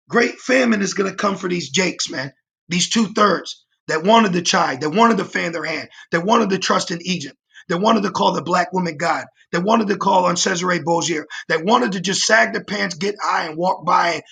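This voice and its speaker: A man's voice: high voice, vocal fry, a bit bright. A man preaching an emphatic livestreamed sermon, reading scripture and often tagging "man" onto his lines, with frequent fillers and restarts. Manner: emphatic, repeats "man" as a tag.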